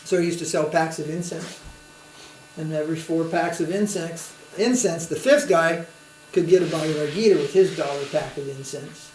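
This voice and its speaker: A man's voice: a little high, fairly even intonation, normal speed, darkish tone. Man giving a roomy spiritual talk. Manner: conversational, anecdotal, with tag questions. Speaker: swami lecturer. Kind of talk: spiritual lecture. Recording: roomy with faint hum.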